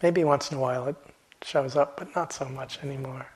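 Husky-voiced man giving a meditation talk. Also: medium pitch, rough recording. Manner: gentle, reflective, halting with soft trailing phrases. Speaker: meditation teacher. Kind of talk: dharma talk. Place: meditation hall.

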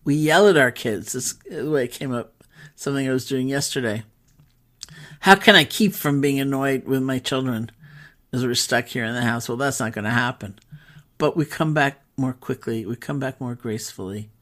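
A woman meditation teacher telling stories in a relaxed, conversational talk, with pauses and fillers. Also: rumbling low. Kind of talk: storytelling talk.

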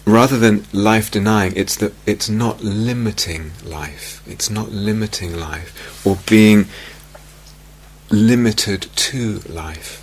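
A man giving a meditation teaching in a reflective, unhurried way, softly repeating key phrases. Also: on the low side, breathy edge. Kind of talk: dharma talk. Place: retreat meditation hall.

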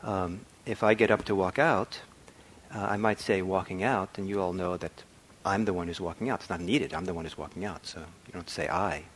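A middle-aged man giving a meditation talk, reflective and soft-spoken, pausing often with ums and restarts. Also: low-pitched, a little hiss or hum. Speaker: meditation teacher. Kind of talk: dharma talk. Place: meditation hall.

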